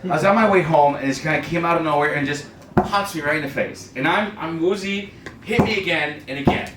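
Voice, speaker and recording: A young man doing a stand-up set, self-deprecating with dark jokes and loud shouted punchlines. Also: fairly high pitch, fairly quick, far from the mic, noisy background. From New York City. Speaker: stand-up comedian. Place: comedy club stage, live crowd. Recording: roomy live club audio with crowd laughter.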